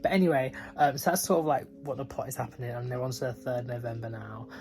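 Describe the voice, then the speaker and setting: Man, book vlogger, giggly and rambling, low-key casual delivery. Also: steady tone, fast talker, darkish tone, faint music behind. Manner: giggly, laughs often, many "like" fillers. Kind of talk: casual reading update.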